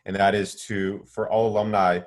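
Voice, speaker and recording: A man's voice: on the low side, little pitch movement, moderate pace. A man hosting a webinar, thanking his guests in an earnest, hesitant way with many fillers. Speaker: webinar host. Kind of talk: moderating a webinar.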